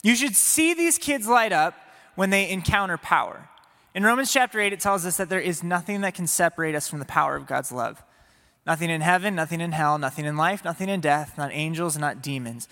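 Bright-voiced energetic man preaching. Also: fairly high pitch, brisk. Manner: energetic, playful, speaks to the audience. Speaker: pastor. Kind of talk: sermon. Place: church sanctuary before a congregation. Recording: long reverb of a large hall.

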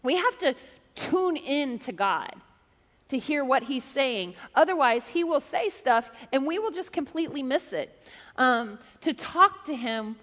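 Animated woman preaching in a reverberant hall. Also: high voice, unhurried. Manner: animated, joking storyteller. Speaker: pastor. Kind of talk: sermon. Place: church hall.

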